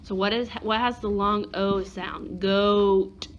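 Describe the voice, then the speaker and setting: A woman's voice: mid-range voice, steady tone, takes it slowly, lo-fi sound, a little hiss or hum. A woman teacher giving a one-on-one phonics lesson, patiently sounding out letters and words.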